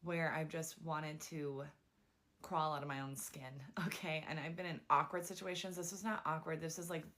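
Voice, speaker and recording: Young woman telling a dating storytime, kinda low voice, says like a lot. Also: normal speed. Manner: chatty, frequent "like" fillers, animated retelling. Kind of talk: casual storytime.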